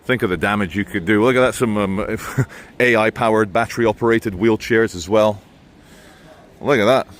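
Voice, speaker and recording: A man's voice: on the low side, moderate pace. A man giving blunt, sarcastic commentary in a vlog while walking outdoors through town streets. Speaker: vlogger.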